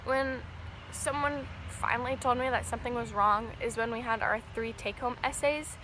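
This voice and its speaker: A woman's voice: fairly high pitch, sharp tone, slight background noise. A young adult woman telling a personal story in an earnest, rambling, emotional way, straight to camera. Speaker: vlogger.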